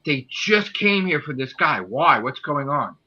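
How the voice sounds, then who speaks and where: A man acting out a puzzled male time-traveling hero who thinks aloud, quietly wondering what is going on. The delivery stays close to his own everyday speaking voice. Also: fairly high pitch, big pitch swings, measured pace, slightly rough, highs cut off, heavily acted.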